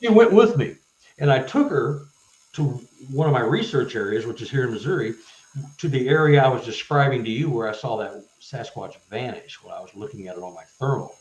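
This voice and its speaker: A man talks through his own experiences in a stop-and-start way, tripping over words and then building up steam as the story gets going. His voice sits at an ordinary male pitch, and the recording has a roomy, echoey quality. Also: dull audio. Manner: halting, stuttered restarts, animated when retelling events. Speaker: guest, author. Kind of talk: casual storytelling in a live interview.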